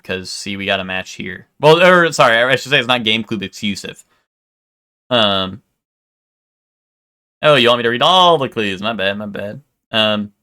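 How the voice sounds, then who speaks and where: A man chats casually with his viewers during a livestream, his mid-range voice pushed and bright. He rambles, filling his speech with "like" and "um" and casual swearing.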